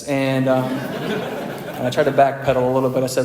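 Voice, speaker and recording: A man's voice: mid-range voice, flat delivery, a little fast, background noise. A man giving a candid, self-deprecating recovery talk at a meeting, speaking in a casual, conversational way. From United States. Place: meeting room. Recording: roomy hall recording.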